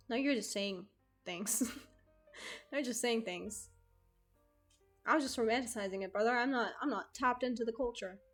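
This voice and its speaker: A young woman streamer from outside the United States chatting casually with her chat, rambling and excitable, swearing freely and packing her talk with fillers. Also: fairly high pitch.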